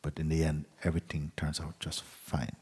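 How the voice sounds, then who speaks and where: A man, a spiritual teacher, telling a story gently at a retreat, with soft, trailing endings. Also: very deep voice, completely flat delivery, normal speed, breathy edge, big-room sound. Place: retreat hall.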